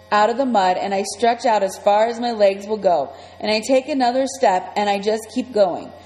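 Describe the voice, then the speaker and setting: A woman reading a first-person children's story aloud in a lively, breathless way. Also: mid-range voice. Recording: long reverb, faint music.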